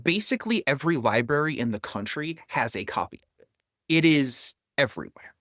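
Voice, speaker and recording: A man being interviewed as a guest on a podcast, telling a story in a casual, animated way and chuckling now and then. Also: medium pitch, a little fast, no room sound, clean studio sound. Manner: animated, chuckles through his stories.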